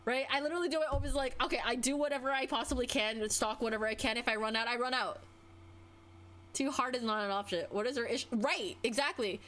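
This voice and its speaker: A young woman with a fairly high voice rants on a live stream, exasperated and venting. Her pitch jumps sharply up and down as she talks, in a loose, casual way. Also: quick pace, fairly bright tone.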